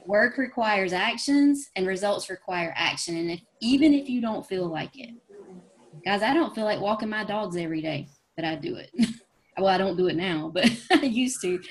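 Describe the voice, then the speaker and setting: A woman's voice: mid-range voice, animated, normal speed. A woman, giving an emphatic motivational talk on a team call and acting out the voices in her stories. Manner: emphatic storytelling, acts out quoted voices. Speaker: network marketing team leader.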